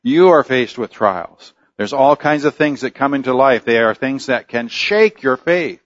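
A man preaching an expository sermon in an earnest way, often pausing with fillers and restarting his sentences. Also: mid-range voice, lively intonation, no echo, lo-fi sound.

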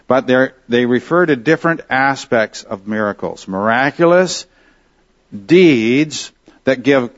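Man giving a Bible lesson, lo-fi. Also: medium pitch. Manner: explanatory, self-correcting, with rhetorical questions. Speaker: Bible teacher. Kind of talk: classroom Bible lecture.

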